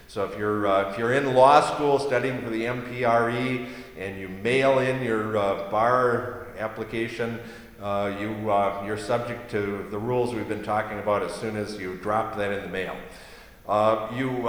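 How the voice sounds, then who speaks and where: Male law lecturer, mid-pitch, stop-start delivery full of fillers, heavy hall reverb. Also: fairly bright tone. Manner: halting, many "uh" fillers, dry asides. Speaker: legal ethics lecturer. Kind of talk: continuing-education lecture.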